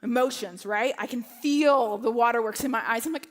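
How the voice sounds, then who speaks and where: A woman preaching, telling a personal story in an animated way and acting out her own lines and other people's lines in a church setting. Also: sits high, a little fast. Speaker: pastor. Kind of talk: sermon storytelling. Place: church auditorium. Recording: long hall reverb.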